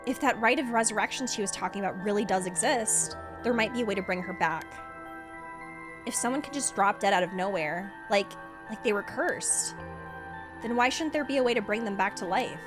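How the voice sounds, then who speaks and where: A woman's voice: mid-range voice, fairly quick, over music, natural voice. A woman reading as a shaken young protagonist. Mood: grim, hushed. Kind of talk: reading game dialogue aloud.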